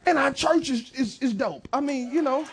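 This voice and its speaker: A male pastor, preaching a lively, joking sermon to his congregation with shouted bursts. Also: very high-pitched, normal speed, some chatter behind. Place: church sanctuary.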